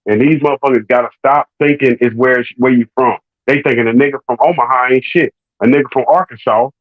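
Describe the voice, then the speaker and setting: A man's voice: medium pitch, fast talker, no room sound. Man, boxing panelist, slangy and emphatic, tinny phone-line sound, dry. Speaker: panelist on a boxing talk stream. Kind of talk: casual boxing chat.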